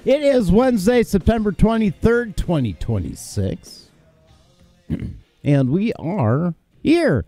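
Combative talk radio host, slow and lively. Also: male voice, high-pitched, faint music behind. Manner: combative, emphatic, with repeated words and fillers. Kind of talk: opinionated talk radio monologue.

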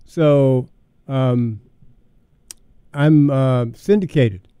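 A man hosting a small radio show, talking casually and hesitantly with many pauses. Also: mid-range voice, dark tone, smooth, dry recording. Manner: hesitant, lots of ums. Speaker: radio host.

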